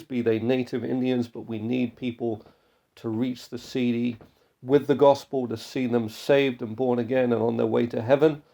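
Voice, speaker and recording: A man with a gravelly, creaky voice hosts a Christian missions podcast. He talks in an earnest, exhorting way and often restarts his phrases. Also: mid-range voice, warm tone, highs cut off. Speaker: podcast host.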